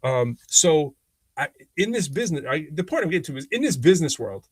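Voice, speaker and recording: A man co-hosting a podcast, telling stories in a casual, animated way, often acting out what other people said and laughing as he goes. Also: fairly high pitch, a little fast, no echo. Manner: animated, acts out quoted voices, laughs often. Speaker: podcast co-host. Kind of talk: casual conversational storytelling.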